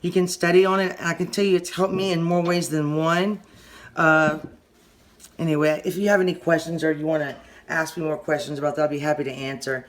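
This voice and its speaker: A middle-aged woman with a Southern US accent giving a casual kitchen how-to, rambling and halting, often stopping mid-sentence to restart. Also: deep voice, flat delivery. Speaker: home cooking channel host.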